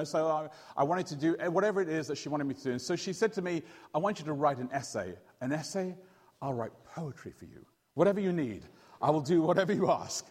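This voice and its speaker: A man, a pastor telling a story in a sermon, animated and joking with his congregation. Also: fairly high pitch, long reverb tail. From England. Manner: animated, jokey, quizzes the audience.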